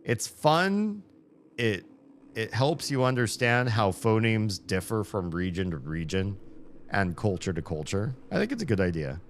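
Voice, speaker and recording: A man's voice: fairly low pitch, very animated, unhurried, slight background noise. An American man chatting casually on a live stream, earnest and reflective, drifting from thought to thought. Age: adult with children.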